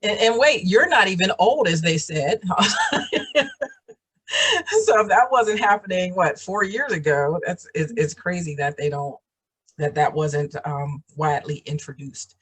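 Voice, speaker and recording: A woman's voice: fairly low pitch, moderate pace, slightly rough. A woman hosting a casual video call chat, encouraging and full of fillers and restarts. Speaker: program host.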